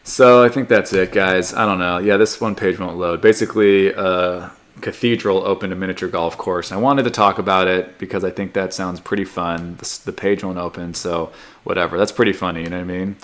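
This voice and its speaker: A man's voice: sits low, fairly even intonation, a little fast. Sarcastic man in his forties podcasting. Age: 40s. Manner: sarcastic, riffs with mocking put-on voices. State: tired. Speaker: podcast host, comedian. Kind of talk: solo comedic podcast commentary.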